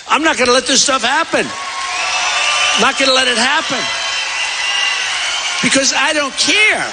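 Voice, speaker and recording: A man's voice: very high voice, moderate pace, pauses often, very noisy. A man giving a rambling, repetitive campaign rally speech from a podium in a large convention hall. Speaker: political candidate at a rally. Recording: long reverb of a big hall.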